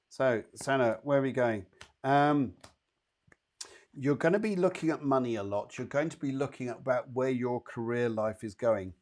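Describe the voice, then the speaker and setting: Guy doing psychic readings on a stream, chatty and reassuring, mid-pitched voice, talks right to the viewers. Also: a little mellow, a little hiss or hum. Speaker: psychic medium host.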